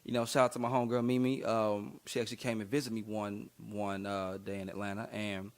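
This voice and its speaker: Low-voiced laid-back young rapper. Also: male voice, level tone, a little fast, clear, resonant tone. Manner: laid-back, slangy, rambling with many fillers. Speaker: rapper guest. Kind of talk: casual interview storytelling.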